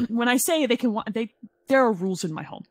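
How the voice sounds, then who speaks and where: A middle-aged woman guest on a podcast, chatting casually in a wry, self-mocking way with quick asides. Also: fairly high pitch, lively intonation, breathy edge, no echo, studio quality. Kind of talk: casual chat.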